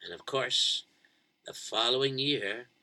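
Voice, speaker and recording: A man narrating a children's story in a soft, unhurried way. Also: mid-range voice, creaky, recorded from a distance.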